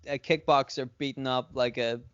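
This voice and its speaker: This man, one of a podcast's hosts, casually retells a made-up storyline in a rambling, profane way full of fillers. His mid-range voice is fairly bright and smooth, with fairly even intonation and a moderate pace. There's no echo; the sound is dry and a bit dull, like lo-fi audio.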